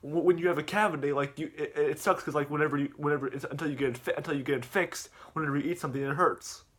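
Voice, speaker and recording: A man voicing a patient father who explains things to his son in halting phrases. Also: on the high side, steady tone, fairly bright tone.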